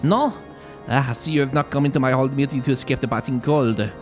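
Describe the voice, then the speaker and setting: A man's voice: mid-range voice, quick pace, faint music behind, voice pushed down, close to an everyday voice. A man putting on a hammy fake-French nobleman. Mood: grandly hospitable. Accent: put-on French. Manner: hammy, overdone.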